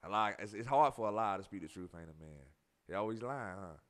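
A man's voice: lowish voice, expressive, fast talker, a bit bright. A man hosting an interview show, talking casually and hyping up his guest, peppering his speech with "man" and "bro".

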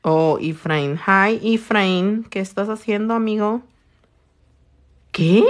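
A woman, a nail technician chatting loudly and crudely on a livestream while she works, teasing and laughing a lot. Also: medium pitch, unhurried, long pauses. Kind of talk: casual livestream chat while doing nails. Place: her own room.

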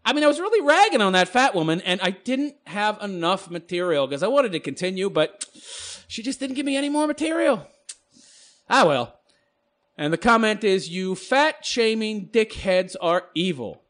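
A man reads viewer comments aloud on his own channel and answers them with scorn. His voice sits high and swings widely in pitch. He rambles and laughs as he goes. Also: very animated, normal speed, fairly bright tone. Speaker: channel host responding to comments. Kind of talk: mocking commentary monologue.

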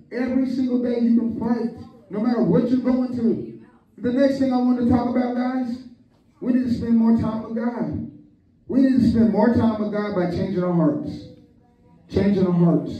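Older pastor, lively joking sermon, high voice, muffled distant recording in a big echoey church. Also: male voice. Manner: call-and-response preaching, joking asides. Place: church sanctuary. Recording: echoey hall, distant, dull lo-fi.

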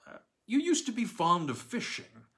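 A man reading an older armourer who speaks in a gentle, measured, concerned way. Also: high-pitched, huge pitch swings, voice pushed up, heavily acted.

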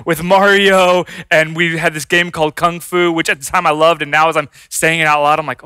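Lively, bright-voiced male pastor. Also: sits high, normal speed, hardly any pauses, smooth, dry recording, clean studio sound. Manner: animated storytelling, acts out voices. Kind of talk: sermon.

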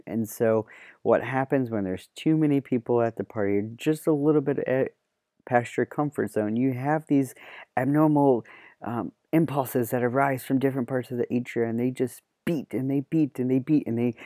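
A man teaching nursing students in a relaxed, explanatory lecture, leaning on homespun analogies and occasional fillers. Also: medium pitch, dry recording, studio quality. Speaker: nursing and paramedic instructor. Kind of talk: classroom lecture.

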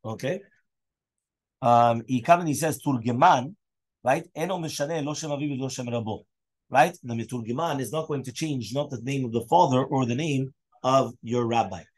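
Speaking at a moderate pace in a medium pitch, a rabbi leads a Daf Yomi Talmud class. His English is peppered with Hebrew and Aramaic terms, and he keeps asking his students questions.

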